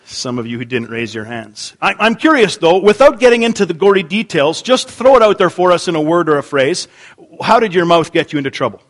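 In this interactive church sermon, the male pastor speaks in a high, fairly bright voice. He converses with the congregation, echoes their responses out loud and frequently begins sentences over.

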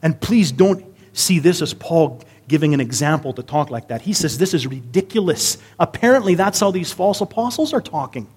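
Lively preacher, man with a higher voice. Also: moderate pace, husky. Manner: lively, asks rhetorical questions, conversational asides. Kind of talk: conversational sermon.

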